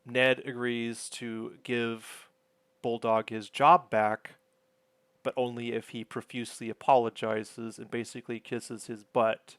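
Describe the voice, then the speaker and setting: A man's voice: medium pitch, level tone, a little slow, a bit bright, clean tone, dry recording. A man casually recapping a sitcom episode in a rambling, chatty, self-deprecating way.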